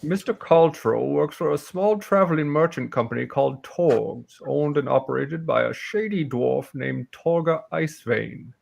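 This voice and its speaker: A man voicing a gruff, blunt old female warrior who speaks slowly and haltingly. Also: on the high side, a little mellow, voice pushed up. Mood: scornful.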